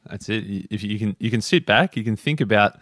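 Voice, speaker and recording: A man's voice: on the low side, a little fast, fairly bright tone, dry recording, studio quality. A man co-hosting a podcast, retelling anecdotes in an easygoing, casual way. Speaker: podcast co-host. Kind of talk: casual book discussion.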